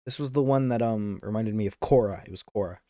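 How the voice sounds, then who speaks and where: A man's voice: fairly low pitch, fast talker, warm tone, no room sound. Chatty male streamer reading game lines. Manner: chatty, easily sidetracked, comments between read lines. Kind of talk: live game playthrough, reading dialogue aloud.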